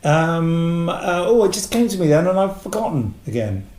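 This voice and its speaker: A man's voice: on the high side, moderate pace. A man guesting on a podcast, chatting casually and telling anecdotes, often putting on the voices of people he quotes. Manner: chatty anecdotes, animated quoting of others. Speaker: guest, voice actor. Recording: echoey room.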